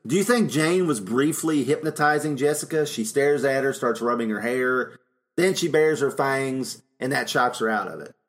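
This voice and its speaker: This middle-aged man co-hosts a podcast, talking at a medium pitch and normal speed. He chats casually, recaps film plots and laughs often.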